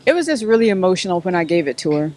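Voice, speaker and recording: A woman's voice: on the low side, big pitch swings, rapid-fire, dark tone. A middle-aged woman, answering interview questions as an author in a storytelling way. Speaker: author and guest.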